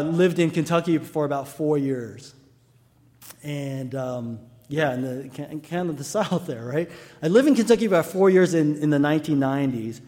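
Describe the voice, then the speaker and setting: Male pastor, sermon, slightly higher voice, long hall reverb. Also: a little mellow. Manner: storytelling with rhetorical questions to the congregation.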